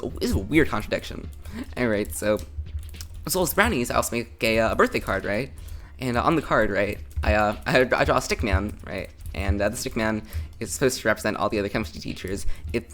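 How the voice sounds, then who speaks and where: A man's voice: on the low side, a bit bright. A teenage boy rambling through a live gameplay commentary from his desk, giggling and tagging "right?" onto his sentences. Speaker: gaming channel host.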